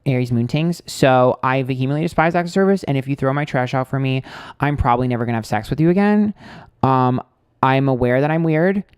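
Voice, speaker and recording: A man's voice: medium pitch, fairly quick, smooth, no echo, clean studio sound. A man reading tarot on a live stream, chatting casually, blunt and candid, ranting with swearing and lots of fillers.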